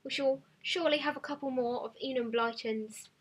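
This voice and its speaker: Husky, fairly high-voiced woman for calm children's storybook narration. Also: fairly quick. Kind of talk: reading a children's story aloud.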